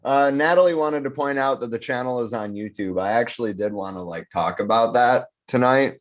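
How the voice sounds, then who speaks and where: A man's voice: medium pitch, a little fast. A man co-hosting a podcast in an easygoing, jokey manner. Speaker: podcast co-host. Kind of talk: casual podcast banter.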